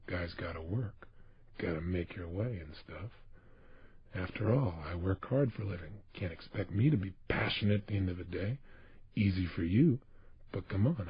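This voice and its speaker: A man voicing a bored, worn-out working man who gripes in a low, quiet, flat mumble. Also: slightly rough, dry recording. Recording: dull lo-fi tape.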